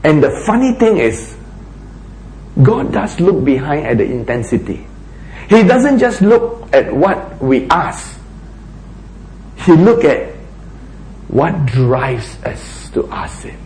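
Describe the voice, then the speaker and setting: A man preaching a sermon, asking rhetorical questions and dropping to a hushed voice for emphasis. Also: medium pitch, roomy sound, slight background noise, low-quality recording.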